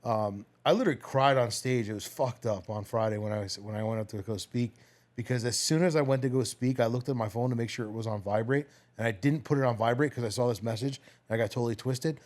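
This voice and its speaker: A middle-aged man talking at a brisk, rapid clip in a podcast chat. He is blunt and casual, swearing freely as he speaks. His pitch sits in an average range. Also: a little mellow. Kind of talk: candid podcast conversation.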